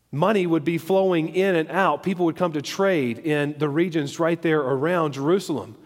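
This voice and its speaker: A man's voice: on the high side, a little mellow, big-room sound. A man teaching from a Bible chapter in a conversational sermon, often checking in with his listeners as he explains. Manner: conversational, checks in with "okay?" and "all right?". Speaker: preacher.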